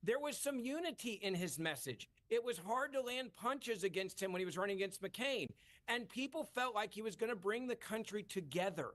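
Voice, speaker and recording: A man's voice: high voice, lively intonation, normal speed, fairly bright tone. A man speaking as a political commentator guest in a televised debate, exasperated and argumentative.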